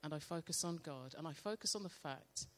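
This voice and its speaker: A woman sharing a calm devotional testimony and leading a slow, meditative guided prayer. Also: low voice. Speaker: church member sharing testimony.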